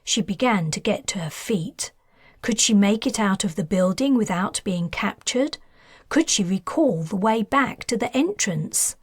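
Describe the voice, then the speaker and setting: A woman reading her own science fiction novel aloud in a measured, even audiobook narration. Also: medium pitch, husky, dry recording, clean studio sound.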